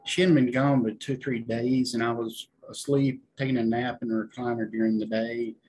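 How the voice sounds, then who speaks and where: A man in his fifties or older, a client in a casual conversation, soft-spoken with short plain answers. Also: medium pitch, flat delivery, normal speed, a little hiss or hum, poor audio. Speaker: client at a reading.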